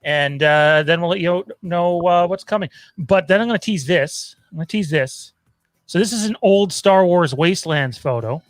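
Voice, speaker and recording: Host, male, upbeat teasing patter, slightly high voice, dry close sound, video call. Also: moderate pace, no room sound. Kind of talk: casual live show chat.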